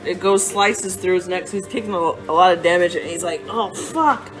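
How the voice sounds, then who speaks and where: Low-voiced woman running the game. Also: steady tone, low-quality recording. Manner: halting, filler-heavy, laughing often. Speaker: game master. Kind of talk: casual tabletop game narration. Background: background music.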